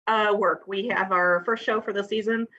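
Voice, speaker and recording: Woman, mid-pitched guest, breezy and brief, heard through dull remote call audio. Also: fairly even intonation, moderate pace, sharp tone. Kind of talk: casual chat.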